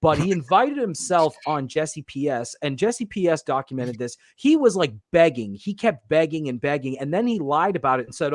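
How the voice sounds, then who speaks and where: A man's voice: on the high side, sing-song, normal speed, hardly any pauses, no echo, studio quality. A man guesting on a podcast, rambling on in casual banter. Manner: rambling, long-winded.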